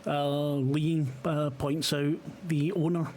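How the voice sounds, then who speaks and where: A Scottish man serves as game master for a tabletop horror game, narrating haltingly with lots of fillers and the occasional swear. His voice is a little high, level, and darkish, with slight background noise.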